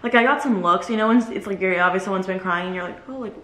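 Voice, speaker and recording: A woman's voice: medium pitch, very fast, bright, forceful tone, roomy sound. A young woman in her twenties vlogging casually to camera, teary and close to crying, with a candid, filler-heavy way of talking. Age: young adult. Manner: tearful, candid, lots of fillers. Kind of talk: casual vlog talk to camera.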